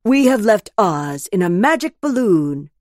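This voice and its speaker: A woman's voice: mid-range voice, very animated, unhurried, darkish tone, dry recording, clean studio sound, pitched above the performer's own voice. A woman putting on a playful dreamy young man.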